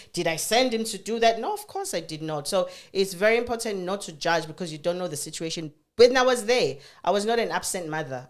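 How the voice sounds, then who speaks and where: Middle-aged woman from africa, lowish voice, chatty storyteller, laughs a lot and restarts her sentences. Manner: animated storyteller, laughs often, many restarts. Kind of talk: casual chat.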